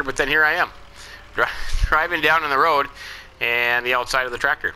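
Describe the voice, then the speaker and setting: A man's voice: medium pitch, a little fast, pushed and bright, a little hiss or hum, rough recording. A man casually narrating his farming game in a folksy, rambling way, with chuckling asides. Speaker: let's play host.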